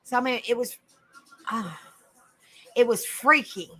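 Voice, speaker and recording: A woman hosting a livestream, chatting to viewers and telling a rambling, animated story. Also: on the high side, measured pace, poor audio. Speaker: livestream host. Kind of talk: casual live-chat storytelling.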